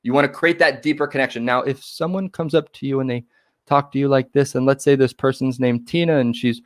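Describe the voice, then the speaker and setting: A workshop presenter gives a motivational talk about connection in a steady, brisk, mid-range voice. He ends nearly every sentence with "right?" and acts out short dialogues, shifting his voice for each part.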